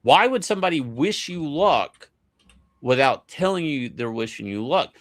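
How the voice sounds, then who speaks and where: A man telling a casual story in an animated, profane way, with many stammering restarts. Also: medium pitch, moderate pace.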